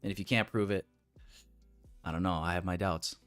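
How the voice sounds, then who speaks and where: A man's voice: low-pitched, steady tone, brisk, fairly bright tone, clean tone, soft background music. Joking, profane day-trading streamer man. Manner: joking, profane banter with chat. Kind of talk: casual live-stream chat while trading.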